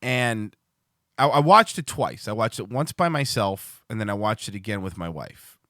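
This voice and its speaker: Animated, bright-voiced male streamer. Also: lowish voice, normal speed, dry recording, studio quality. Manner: rambling, profane, restarts a lot. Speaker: livestream show host. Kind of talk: casual livestream chat.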